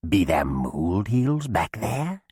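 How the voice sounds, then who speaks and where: A man voicing a hungry undead old witch woman who croaks and drawls slowly in a rustic way. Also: lowish voice, sing-song, a little mellow, no room sound, clean studio sound, exaggerated voice. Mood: menacing, hungry. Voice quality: croaking, husky. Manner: slow, drawling, menacing rustic speech. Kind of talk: audiobook character voice.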